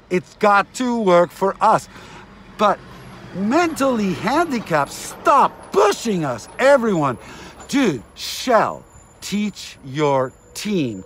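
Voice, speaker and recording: A man giving an agitated, aggrieved ranting monologue to camera, often repeating himself. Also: high voice. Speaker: vlogger.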